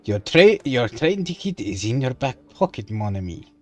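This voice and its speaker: A man putting on a deliberately bad Belgian accent to voice a fussy, pompous male detective while streaming a game. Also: medium pitch, big pitch swings, darkish tone, faint music behind. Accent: put-on Belgian. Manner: slow, theatrical pronouncements. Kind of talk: game streaming, playing along.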